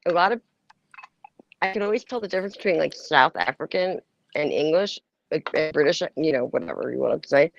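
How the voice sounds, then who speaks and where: A man hosting a casual livestream chat, talkative and quick to laugh, on a dull lo-fi mic. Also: a little high, creaky. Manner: chatty, laughs often.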